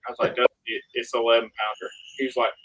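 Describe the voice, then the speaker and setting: A young man tells his fishing story as an interview guest. His voice is bright and forceful, and he acts out every exchange with animated energy. It comes across as casual, excited talk among anglers. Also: medium pitch, quick pace, rough recording. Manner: animated, reenacts dialogue, laughs often.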